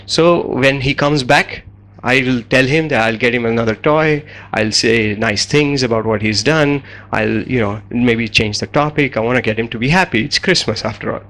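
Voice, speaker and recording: A man voicing a stern, calm father who speaks firmly to his son in a lowered voice. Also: normal speed, lightly acted. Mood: reflective.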